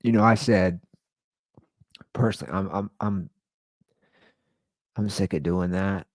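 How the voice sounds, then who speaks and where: A man's voice: deep voice, measured pace, no room sound. A man hosting his own show, talking in a somber, rambling, conversational monologue. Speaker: podcast host. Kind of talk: casual solo monologue.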